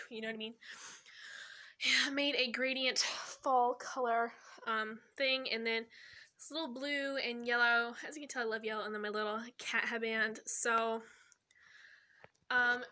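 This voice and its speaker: A woman's voice: fairly high pitch, sharp tone. A woman vlogging a casual tour of her bedroom, chatty and rambling, full of fillers and self-corrections, recorded on a phone. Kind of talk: casual room tour vlog. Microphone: phone camera.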